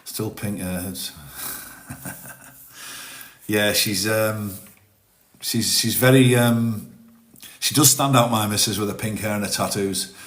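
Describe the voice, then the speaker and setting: A man's voice: fairly low pitch, slow pace, long pauses, a bit bright. A chatty man with a mixed British accent, part Welsh, Manx and Teesside, rambling casually on a phone live stream from his home and answering viewer comments. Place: home in Spain. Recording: roomy echo.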